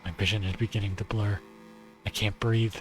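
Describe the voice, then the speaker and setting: A man's voice: on the low side, level tone, moderate pace, faint music behind, natural voice. A male streamer reading a visual novel aloud as its weary, despairing young male narrator, in a subdued and pained first-person voice. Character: weary, despairing young man being strangled.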